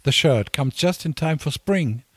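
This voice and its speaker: A man from Cologne, a musician guest chatting in a podcast interview, lively and halting at times. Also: on the high side, slightly rough, no echo, clean studio sound. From Cologne, Germany. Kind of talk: casual interview chat.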